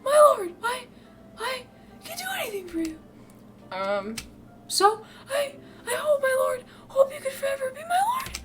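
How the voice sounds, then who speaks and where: A woman voicing a devoted young male knight who pleads in a shrill, tearful, high voice while reading a game aloud on a stream. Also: sing-song, moderate pace, a bit bright, faint music behind, heavily acted. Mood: teary pleading.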